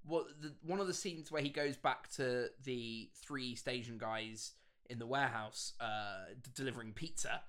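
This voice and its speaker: Brief: male podcast co-host, relaxed recap storyteller, bright, forward tone, mid pitch. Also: moderate pace, clean tone. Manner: easygoing, laughs often, storytelling recaps. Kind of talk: casual film discussion chat.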